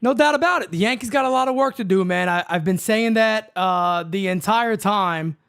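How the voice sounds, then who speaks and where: Heated New sports host man; fiery, repetitive, profane, lots of shouting. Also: high-pitched, moderate pace, clean tone. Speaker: sports talk show host. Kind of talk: heated sports talk rant.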